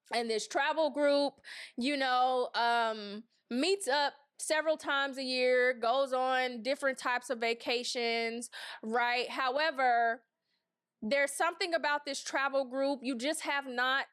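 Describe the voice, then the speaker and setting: A woman astrologer giving a casual forecast, chatty and animated, often checking in with "okay?" and "right?" and slipping into playful voices for the planets. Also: a little high, smooth, dry recording, clean studio sound.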